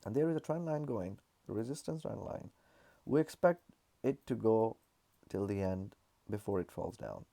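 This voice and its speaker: A man's voice: fairly low pitch, normal speed, creaky, mellow. A man casually walking through market charts, explaining in a loose, repetitive way with frequent fillers. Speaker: trading analyst.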